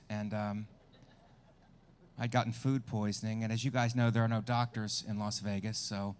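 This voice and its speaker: A man's voice: medium pitch, darkish tone. A man performing a stand-up comedy set with crude, self-mocking crowd work, at a small outdoor show.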